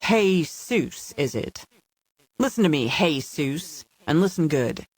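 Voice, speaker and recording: A man's voice: a little high, expressive, unhurried, no echo. Bullying fed agent, read by a man, mocking and threatening, dry close voice. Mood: menacing. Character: bullying male federal agent, domineering.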